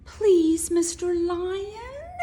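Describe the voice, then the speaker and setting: A woman doing a squeaky little storybook mouse. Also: expressive, extremely slow, warm tone, full character voice. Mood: pleading. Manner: squeaky and high, begging. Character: tiny pleading female mouse.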